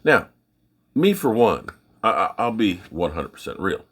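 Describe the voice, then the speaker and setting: A middle-aged man hosting his own sports channel, giving folksy, opinionated commentary in a rambling, casual way with a husky voice. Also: lowish voice, very animated, a little slow, a bit bright.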